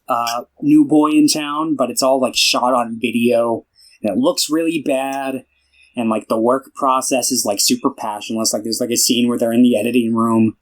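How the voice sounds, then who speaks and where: A man's voice: mid-range voice, poor audio. A man co-hosting a podcast in a casual chat, recapping a film in a rambling way with lots of fillers and restarts. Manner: retells scenes by acting out the characters' lines. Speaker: podcast co-host.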